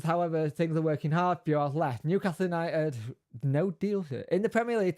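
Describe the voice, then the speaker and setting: A man's voice: fairly high pitch, darkish tone. A man hosting a casual live stream, greeting viewers by name and reading out news between chat.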